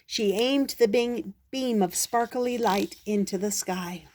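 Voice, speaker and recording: An older woman, a grandmother, reading a children's storybook aloud in a slow, gentle way. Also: medium pitch.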